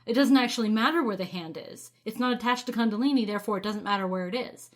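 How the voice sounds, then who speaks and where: A woman's voice: a little high, fast. A woman co-hosting a podcast in thoughtful, explanatory casual chat. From United States. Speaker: podcast co-host.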